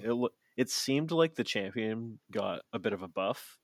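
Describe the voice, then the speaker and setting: Man, low voice, dry close sound, casual rambling podcast talk, lots of swearing. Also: lively intonation, normal speed, no room sound. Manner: profane, rambling with many fillers. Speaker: podcast co-host.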